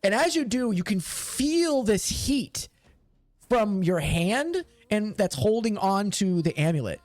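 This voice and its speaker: A man's voice: sits high, very animated, slow, darkish tone, dry recording. A man narrating a tabletop game as game master, casual and full of fillers.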